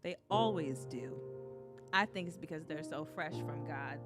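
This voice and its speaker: A mother hosting a casual conversation, quick to laugh and telling stories. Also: low voice, music in the background. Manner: laughs easily, tells stories acting out her child's voice.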